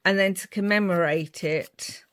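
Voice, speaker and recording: A woman's voice: fairly low pitch, a little slow, a bit bright, a little hiss or hum. A woman from Ireland chatting casually while making a craft project, muttering asides to herself. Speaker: craft vlogger.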